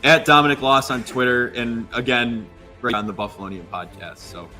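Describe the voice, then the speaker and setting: A man hosting a podcast, chatting casually through live draft coverage with quick asides. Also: mid-range voice, steady tone, bright, forceful tone, soft background music. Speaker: podcast host.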